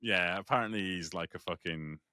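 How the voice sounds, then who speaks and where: A man's voice: deep voice, bright, forceful tone, dry recording, clean studio sound. A man, co-hosting a podcast in blunt, sweary casual chat. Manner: sweary, blunt, quick to react. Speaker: podcast co-host.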